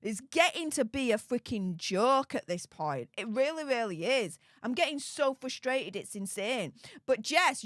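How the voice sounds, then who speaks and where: Woman, animated swooping delivery, fairly high voice, chatty livestream commentary. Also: no echo, studio quality. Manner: chatty, exclamatory, quick to laugh. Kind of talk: live chat reading and commentary.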